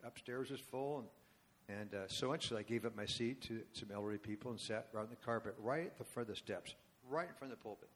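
Addressing his congregation, a man in his seventies who leads worship rambles through an extended story, chatting conversationally and tossing in asides. His voice is on the low side and fast.

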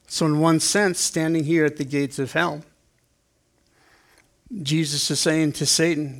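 A man's voice: on the high side, little pitch movement, unhurried, pauses often. A man in his sixties preaching a sermon in a conversational way, acting out the quotes in playful voices. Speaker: pastor.

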